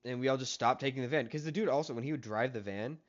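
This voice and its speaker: A man's voice: medium pitch, quick pace, lo-fi sound. A young man telling a casual story about a coworker in a rambling, exasperated way, with plenty of swearing. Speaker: story-time vlogger.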